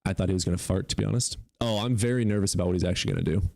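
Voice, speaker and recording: A man's voice: low voice, very fast, creaky, darkish tone, no room sound. A man hosting a live-stream debate in casual chat, joking and sarcastic, and he swears freely. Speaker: livestream debate host.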